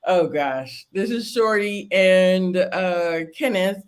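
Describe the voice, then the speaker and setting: A woman co-hosting a casual reality TV review, talking in a chatty way with fillers and quick laughs. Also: fairly low pitch, animated, clear, resonant tone. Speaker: co-host.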